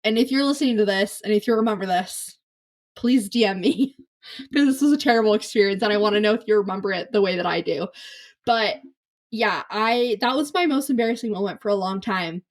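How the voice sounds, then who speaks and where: A woman's voice: medium pitch, fairly quick. A young woman hosting a podcast, telling a long embarrassing story in a rambling, self-deprecating way full of fillers. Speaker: podcast host. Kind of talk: casual storytelling monologue.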